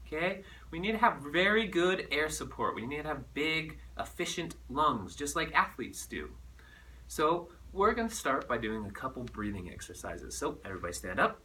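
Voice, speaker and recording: A man teaching a recorded music lesson to children, animated and playful as he demonstrates. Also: fairly high pitch, far from the mic.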